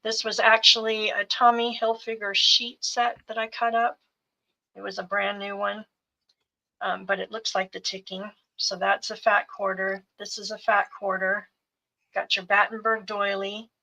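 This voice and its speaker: Middle-aged lady going thru craft bundles real slow, bright voice. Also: medium pitch, flat delivery, creaky, low-quality recording. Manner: unhurried, listing items one by one. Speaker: seller showing craft bundles. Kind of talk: slow live sales show-and-tell.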